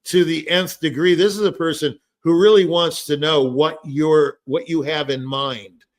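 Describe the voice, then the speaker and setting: An older man hosts a podcast, swapping rambling stories in a casual conversation marked by restarts and fillers such as "you know." His voice is on the high side, with fairly even intonation and a measured pace.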